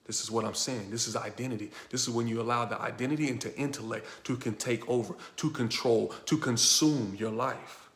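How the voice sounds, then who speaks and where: A man coaching on personal growth in a forceful, preaching style, firing off rhetorical questions and repeating his points. His voice sits at an ordinary middle pitch. The room around him is echoey. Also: steady tone, a little fast, few pauses. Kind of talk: motivational teaching talk.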